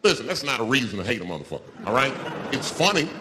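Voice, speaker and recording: A man doing a stand-up comedy routine on stage, telling stories in a loose, profane, animated way. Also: medium pitch, rapid-fire. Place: stage before a live audience. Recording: noisy live stand-up recording.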